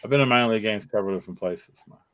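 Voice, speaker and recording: A man from Chicago co-hosting a casual live-stream chat, animated and reading out viewer comments. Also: lowish voice, very fast. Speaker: co-host.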